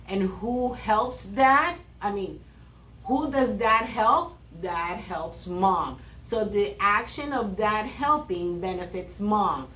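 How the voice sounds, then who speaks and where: A woman teaching a third grade class, reading riddles aloud with animated emphasis. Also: mid-range voice, far from the mic, a little hiss or hum. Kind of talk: classroom lesson. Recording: roomy sound from away from the mic, faint ambience.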